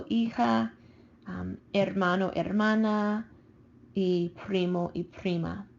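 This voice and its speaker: A woman teacher calmly talking students through vocabulary slides, slowing down on new words. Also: medium pitch, vocal fry, highs cut off. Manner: patient, slows down for vocabulary. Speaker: Spanish teacher. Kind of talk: recorded classroom lesson over slides.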